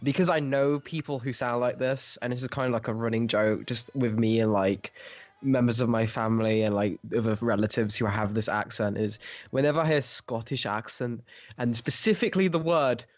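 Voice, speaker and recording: A man's voice: mid-range voice, moderate pace, no echo. Laughing man rambling about a film. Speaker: podcast co-host. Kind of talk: casual film discussion. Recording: dry, slightly dull podcast audio.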